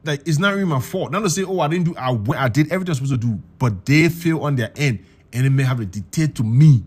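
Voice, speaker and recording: A young man telling a story in a casual, animated way, repeating words and acting out the voices of the people in it. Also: medium pitch, quick pace, breathy edge. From Liberia.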